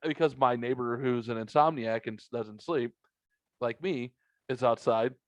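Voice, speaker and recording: A man co-hosting a podcast, telling profane, exaggerated comic stories in a casual, animated way. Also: medium pitch, normal speed, no echo. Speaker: podcast co-host. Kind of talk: casual comedic storytelling.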